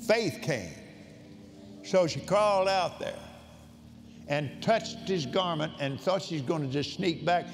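A man's voice: a little high, slow, long pauses. A man preaching a sermon to a convention crowd, telling a personal story in a heartfelt way, often repeating words as he searches for them. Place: large convention hall. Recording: long hall reverb, faint music.

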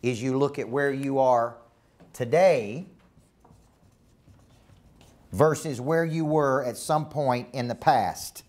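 A middle-aged man with a drawl coaches a business team in a meeting room. He talks straight to the crowd and keeps checking in with short questions. His voice sits at an ordinary middle pitch. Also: slow, long pauses, a little mellow. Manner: asks the room questions, repeats for emphasis. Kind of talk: live motivational talk to a team. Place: meeting room with a live audience.

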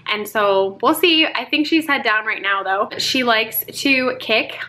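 A woman's voice: on the high side, a little slow, sharp tone. A young adult woman chatting casually to camera as a mom vlogger, often laughing and talking to viewers as "you guys".

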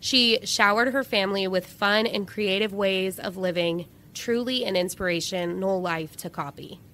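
A woman's voice: medium pitch, fairly bright tone, slight background noise. A woman co-hosting a podcast, chatting casually and reading out listener messages, giggly and emotional. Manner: giggly, emotional, quick to laugh. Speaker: podcast co-host.

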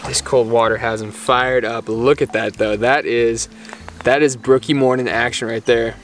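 A man's voice: mid-range voice, normal speed, faint music behind. A man, exclaiming and laughing as he narrates his fly fishing outdoors by a creek. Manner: excitable, exclaiming, laughing often. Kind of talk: excited outdoor vlog commentary.

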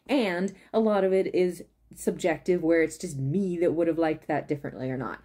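In a casual video, a woman with a fairly low, dark voice reviews a drama at a moderate pace. She rambles, laughs often while talking, and keeps losing her train of thought.

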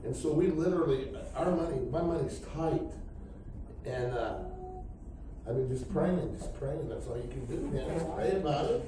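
Middle-aged man, church testimony, rambling storyteller, voice sits a bit high, recorded far off in a reverberant hall with light hiss. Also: moderate pace. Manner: rambling storyteller who acts out quoted speech. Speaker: church member giving testimony. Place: church during a night service.

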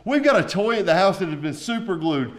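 Man preaching a lively sermon. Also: sits high, fairly quick. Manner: preaching with rising intensity, folksy asides. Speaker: pastor.

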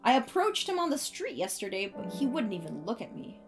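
A woman puts on an earnest young male composer, worried for a friend. Her voice stays near her own, a little raised in concern. Piano plays clearly behind. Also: on the high side, big pitch swings, brisk, pitched above the performer's own voice.

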